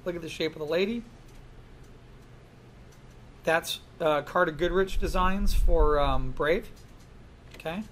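A man teaching a class in a classroom, lively and full of questions to the students. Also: a little high, slow pace, pauses often, slight background noise. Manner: animated, asks the class many questions. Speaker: art instructor. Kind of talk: classroom lecture.

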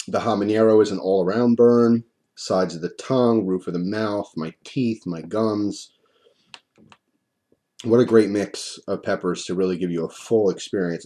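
A man with a deep, mellow voice talks casually at his desk while reviewing a hot sauce. He rambles and restarts his sentences in an easygoing way. His mouth is burning and he keeps drooling as he speaks. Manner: relaxed, chatty, rambling with restarts.

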